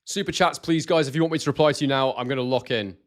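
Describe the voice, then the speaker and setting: Fast-talking and mid-range in pitch, a young British man from Scotland, London-like in accent, provides casual commentary on a live boxing stream while eagerly reading chat messages.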